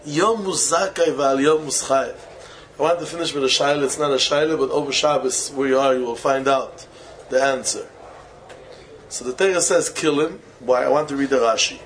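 A man, a rabbi, giving a Torah lecture in English full of Yiddish and Hebrew terms, with non-native phrasing, slowing to chant key phrases and breaking into sudden high exclamations. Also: a bit bright, slight background noise, rough recording. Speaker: rabbi teaching students. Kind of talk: Torah lecture to young men.

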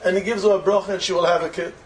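A man's voice: high voice, steady tone, very fast, a little hiss or hum, rough recording. A man giving a storytelling Torah lecture who explains as he goes, repeats key phrases and asks rhetorical questions. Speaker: Torah teacher.

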